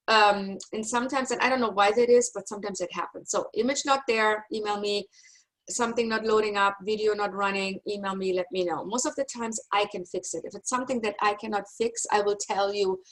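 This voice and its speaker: A middle-aged woman with a German accent teaches a university class over a video call. She talks in a loose, chatty way, reassures her students and makes fun of herself. Her voice sits at an average pitch. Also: a bit bright, rough recording. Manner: chatty, self-deprecating, reassuring. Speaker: university instructor. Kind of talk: online class lecture. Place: home office on a video call.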